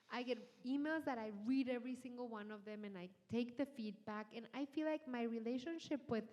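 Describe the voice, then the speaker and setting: A middle-aged woman with a Mexican Spanish accent talks eagerly on stage, repeating words and restarting her sentences as her ideas tumble out. Her voice sits fairly high. A long hall reverb trails behind each phrase. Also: a little mellow. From Mexico City. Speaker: chef and TV host as guest. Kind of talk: onstage conversation. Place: large hall with an audience.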